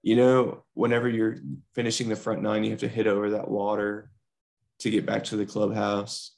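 A man's voice: lowish voice, completely flat delivery, normal speed, creaky, a little mellow. A young man co-hosting a podcast, casually telling a rambling workplace story with lots of fillers. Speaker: podcast co-host.

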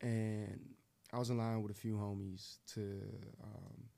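A man co-hosting a morning radio show, telling a story in a casual, animated way and acting out the voices of the people in it. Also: on the low side, measured pace, creaky.

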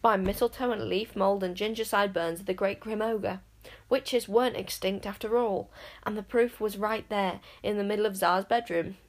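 A woman's voice: mid-range voice, fairly even intonation, normal speed, lightly acted, poor audio. Grim, troubled enchanter father, voiced by a woman in a storybook reading. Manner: grave, then raging. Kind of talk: audiobook character voice.

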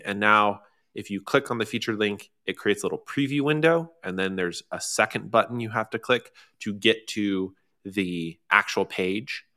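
Man with a bright, forceful voice as a chatty workshop host, animated, lots of fillers and restarts. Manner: animated, with sudden high-pitched exclamations. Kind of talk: casual workshop talk.

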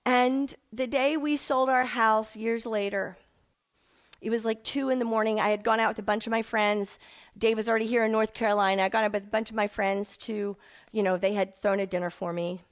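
A middle-aged woman telling her personal faith testimony in an emotional, animated way, acting out the people she quotes. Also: a little high, fairly quick. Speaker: speaker sharing a personal testimony.

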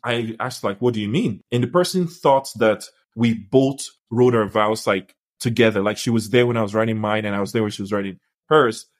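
A young man co-hosting a casual podcast chat, telling stories in an animated, playful way. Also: fairly low pitch, normal speed, few pauses. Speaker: podcast co-host.

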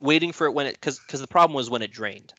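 Casual male co-host with an average-pitched voice, cursing storyteller, dry mic. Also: quick pace, sharp tone, no echo. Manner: rambling, profane, lots of fillers.

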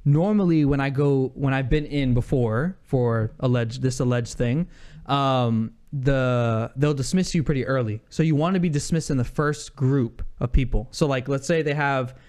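A man telling a rambling story in casual chat, animated and full of asides and restarts, swearing freely. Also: medium pitch, normal speed.

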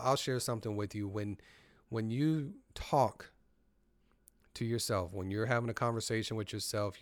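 A man's voice: lowish voice, a bit bright, dry recording, clean studio sound. A man hosting a podcast and giving a motivational talk on leadership. He speaks directly to his listeners in a conversational way. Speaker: podcast host.

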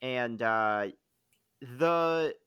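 A man's voice: mid-range voice, drawn-out words, bright, forceful tone, clean tone, dry recording. A man co-hosting a casual podcast chat, rambling and joking, often slipping into silly impressions. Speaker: podcast co-host. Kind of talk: casual chat about a TV show.

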